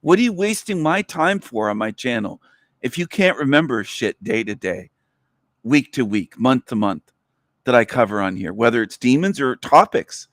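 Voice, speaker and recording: Irritated male streamer scolding his audience, ordinary pitch, dry room. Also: expressive, normal speed, no echo. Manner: irritated, profane, scolding the viewers. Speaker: livestream host. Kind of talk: angry livestream rant.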